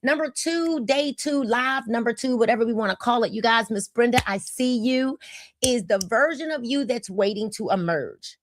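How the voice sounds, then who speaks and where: A woman's voice: a little high, moderate pace, dry recording. A woman, hosting a casual livestream and greeting viewers by name in an upbeat way. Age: 50s. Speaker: host of a livestream.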